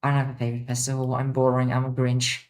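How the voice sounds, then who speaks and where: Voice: mid-range voice, completely flat delivery, fast, darkish tone. Chatty streamer answering chat questions. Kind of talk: casual livestream Q&A.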